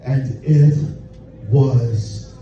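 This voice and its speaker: A man doing crude stand-up at a bar open mic, telling a raunchy story in a deadpan way. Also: medium pitch, extremely slow, crowd noise. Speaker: stand-up comedian. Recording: echoey, distant, muffled room recording with noise.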